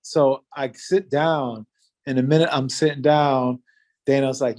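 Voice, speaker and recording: A man's voice: medium pitch, fairly even intonation, moderate pace, a little mellow. A man in his forties, a former fighter, telling a story in casual interview talk, loose and rambling with many fillers and restarts.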